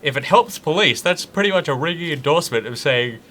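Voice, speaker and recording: A man's voice: fairly high pitch, expressive, fairly quick, bright, forceful tone, slight background noise. A man streaming a video game, chatting casually, reading the game's text aloud and reacting jokily. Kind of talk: casual live gameplay commentary.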